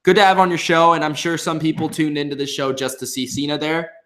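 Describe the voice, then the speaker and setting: A man gives a casual, opinionated recap of a wrestling episode. His voice sits a little high and he talks freely, with plenty of ums and restarts. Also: flat delivery, fast talker, a bit bright. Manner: chatty, opinionated, many fillers and restarts. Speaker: wrestling show reviewer. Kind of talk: casual commentary.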